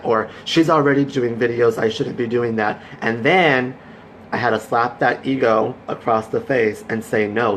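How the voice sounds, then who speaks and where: A man's voice: medium pitch, a little hiss or hum. A man hosting a casual live stream, chatty and effusive, greeting viewers by name and cheering them on. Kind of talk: casual Facebook Live chat.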